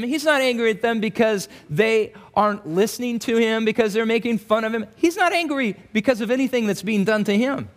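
A male pastor gives an expository sermon in a fairly high voice. He is animated and breaks into little acted-out voices for the people in his asides.

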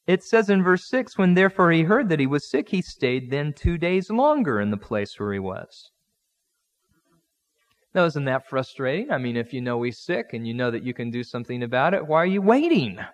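A man's voice: fairly high pitch, sing-song, normal speed. A male pastor preaching a conversational sermon, acting out the people in the Bible story in everyday speech. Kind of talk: expository sermon. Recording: long hall reverb.

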